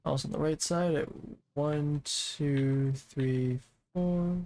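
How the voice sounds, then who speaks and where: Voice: medium pitch, slow, darkish tone, poor audio. A streamer casually chatting and rambling while building in a game, often counting blocks aloud.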